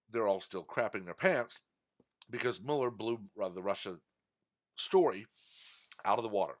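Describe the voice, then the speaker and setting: A man from Texas, mid-pitched, holds forth in a heated commentary monologue. His delivery is indignant and emphatic, pressing his points hard as he rants. He sounds like a regular talking straight to his viewers. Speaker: political commentator.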